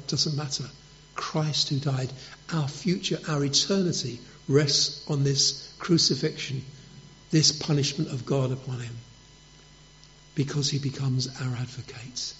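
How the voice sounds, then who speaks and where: A man's voice: mid-range voice, steady tone, a little slow, a bit bright. A man preaching a sermon, telling stories and asking rhetorical questions with emphasis. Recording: dull lo-fi recording.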